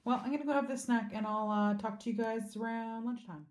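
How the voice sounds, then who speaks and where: A woman's voice: on the high side, fairly even intonation, a little fast. A woman chatting casually in a food vlog from her home office, talking in a loose, chatty way with many ums and restarts. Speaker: vlogger. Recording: echoey room.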